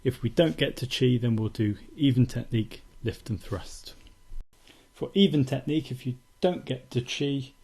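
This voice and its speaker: A man calmly teaching acupuncture technique in a steady, methodical instructional demonstration. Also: mid-range voice, normal speed, breathy edge. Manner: calm, steady, methodical explaining.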